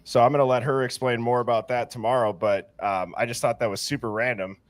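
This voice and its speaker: A man's voice: mid-range voice, fairly even intonation, fairly quick, dry recording. A man hosting a livestream, greeting viewers by name and reading their comments in a casual, upbeat way. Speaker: livestream host.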